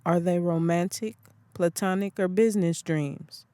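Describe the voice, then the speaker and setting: A calm, motherly older woman offers soothing, assured counsel in an audiobook. She speaks slowly and warmly, with a mellow, close, dry sound, voiced by the reader. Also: medium pitch, clean tone, no echo, close to an everyday voice. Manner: soothing, assured, calls others child. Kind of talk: audiobook character voice.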